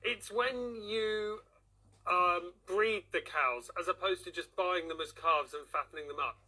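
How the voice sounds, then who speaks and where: Male radio presenter, self-deprecating and jokey; husky, sharply bright tone. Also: high voice, measured pace, poor audio. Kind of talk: casual radio chat.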